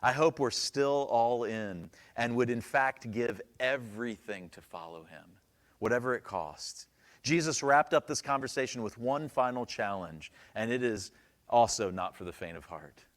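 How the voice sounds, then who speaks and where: A man's voice: mid-range voice, moderate pace. A man pastor preaching a sermon in a church, conversational and joking, asking the congregation questions.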